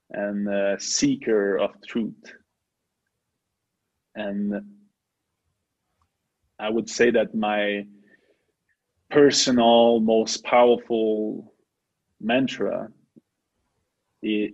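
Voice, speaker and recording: Podcast co-host, man from Quebec, slow unhurried delivery, slightly muffled sound. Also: fairly low pitch, a little mellow. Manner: slow, reflective, many pauses and fillers. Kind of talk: casual chat.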